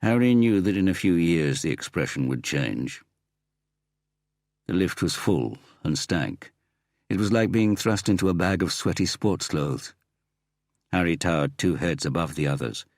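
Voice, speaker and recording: A man narrating a crime novel in a measured, expressive reading. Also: sits low, dry recording, clean studio sound. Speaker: audiobook narrator. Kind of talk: scripted narration.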